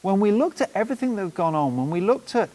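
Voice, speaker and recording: Animated Englishman telling stories. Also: high voice, fast. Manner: animated, acts out quoted remarks. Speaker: film studio co-founder. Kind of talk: casual storytelling in conversation.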